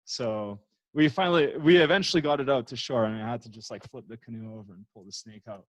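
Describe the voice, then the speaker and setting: A man's voice: mid-range voice, fast talker, dry recording, rough recording. A man from Canada, a podcast guest, chatting casually and rambling through stories with lots of fillers. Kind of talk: casual chat.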